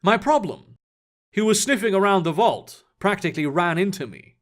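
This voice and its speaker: A tough female agent, blunt and dismissive, clipped and matter-of-fact, as a man voices her in a read story. Her voice sits high but hard. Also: lively intonation, normal speed.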